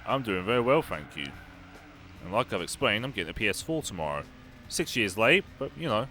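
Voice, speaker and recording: Playing a racing game over game music and engine noise, a young male YouTuber chats wryly with his live chat. His voice is on the low side, bright and forceful, and he speaks briskly with lots of animation.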